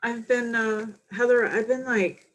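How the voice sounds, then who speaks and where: Soft-spoken tired woman medium. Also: on the high side, fairly even intonation, low-quality recording. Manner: soft, heartfelt, halting with fillers. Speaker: spiritual medium hosting a livestream. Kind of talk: casual livestream talk.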